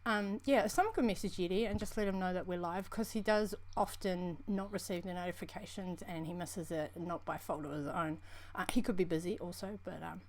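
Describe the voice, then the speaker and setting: A woman's voice: lowish voice, fairly quick, hardly any pauses, darkish tone. A woman with a New Zealand accent co-hosting a casual livestream, rambling chattily and calling viewers honey. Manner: rambling, chatty, calls people honey, laughs often. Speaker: livestream co-host.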